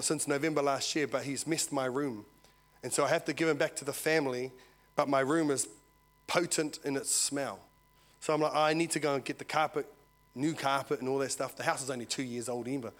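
A man, a lay preacher giving prophetic words and an animated personal testimony. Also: mid-range voice. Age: 40s. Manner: animated storyteller, swings from soft personal words to loud exclaiming.

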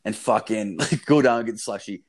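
Young guy, low voice, rambling swear-heavy anecdote, casual chat. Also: brisk. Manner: profane, rambling, animated storytelling. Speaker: storyteller.

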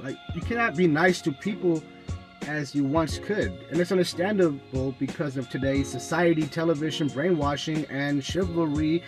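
A man's voice: fairly high pitch, normal speed, over music. A man co-hosting a podcast in casual chat, joking and exasperated, repeating himself. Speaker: podcast co-host.

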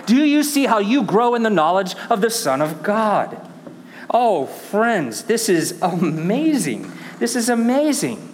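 A male pastor preaching a sermon, swinging between hushed, intimate lines and emphatic, rising passages. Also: high voice, sing-song, slow pace, in a large hall, a little hiss or hum. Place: church sanctuary.

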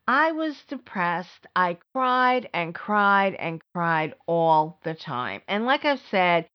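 A middle-aged woman hosting a podcast, telling a personal story in an emphatic way, repeating words for stress and swinging between high and low. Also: big pitch swings, takes it slowly, clear, resonant tone. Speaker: podcast host. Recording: slightly dull lo-fi audio.

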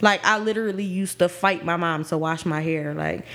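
Woman, twenties, lowish voice, podcast co-host, casual storytelling, profane. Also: moderate pace, a bit bright. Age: 20s. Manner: storytelling, profane, acts out quotes. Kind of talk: casual chat.

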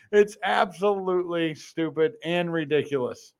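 A male talk show host with a somewhat high voice delivers political commentary in a mocking, sarcastic tone. He scoffs at the people he discusses and keeps talking straight to his listeners. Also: gravelly.

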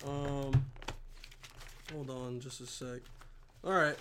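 A man's voice: fairly high pitch, slow pace, long pauses. A man with an American accent, hosting a podcast in a rambling, profane casual monologue, often chuckling as he talks. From United States. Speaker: podcast host.

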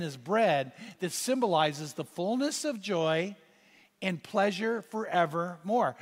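A man preaching a sermon as pastor, telling stories with animated, rising exclamations. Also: high voice, breathy edge. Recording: reverberant hall sound.

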